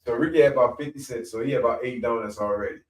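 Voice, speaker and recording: A middle-aged man telling a story in a rambling, animated way, often repeating himself as a podcast guest. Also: medium pitch, racing. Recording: echoey room, mic at a distance.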